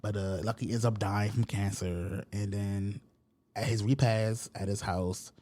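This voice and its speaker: A man with a low, mellow voice chats casually on his podcast. He tells a movie's story in a rambling, slangy way. Every so often he jumps into quick voices for the characters. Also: fairly even intonation. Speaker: podcast host. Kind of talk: casual podcast chat, retelling a movie plot.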